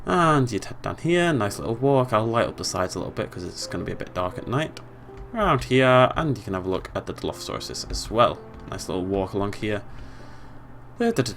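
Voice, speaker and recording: A man's voice: lowish voice, creaky. A young British man giving casual, chatty let's play commentary, playfully talking to the game animals.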